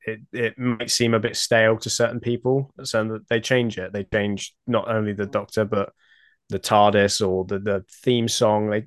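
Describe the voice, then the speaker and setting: A man with a low voice speaks in a flat, even way as a podcast guest. He hesitates and repeats words as he thinks aloud. The sound is dry and close. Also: no room sound. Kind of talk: casual chat.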